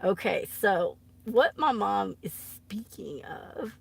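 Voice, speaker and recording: An artist live-streams from her home art studio, chatting casually with viewers in a medium-pitched, creaky, husky voice. She talks slowly with lively intonation, giggling and teasing and often slipping into embarrassed whispers.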